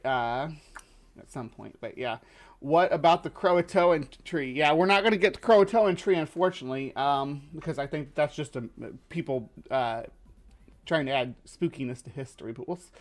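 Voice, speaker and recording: A man with a lower Midwestern accent hosts a show, giving casual commentary as he reacts to a video, rambling with many fillers and restarts. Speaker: host.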